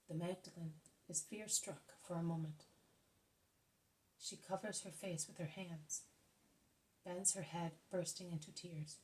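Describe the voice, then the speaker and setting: Woman reading a story, steady and measured. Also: fairly low pitch, slight background noise, poor audio. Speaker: audiobook reader. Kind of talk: scripted narration.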